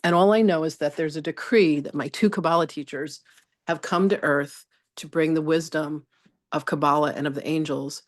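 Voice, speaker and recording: A middle-aged woman teaching a live spiritual masterclass, telling a personal story in a chatty, animated way and calling on students by name. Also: deep voice, normal speed.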